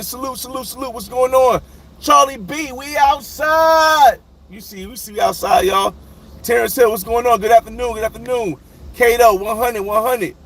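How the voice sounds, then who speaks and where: A man hosting a casual livestream from his car as he drives, reading out viewer names and talking over the chat. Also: high voice. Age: adult. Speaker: livestream host. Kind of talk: casual live chat while driving. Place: inside a moving car. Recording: road and engine noise behind.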